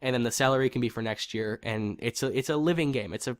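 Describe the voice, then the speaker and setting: A man's voice: medium pitch, quick pace. A man giving a heated, frustrated opinion rant on a video game, swearing and repeating himself for emphasis. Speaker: gaming commentator.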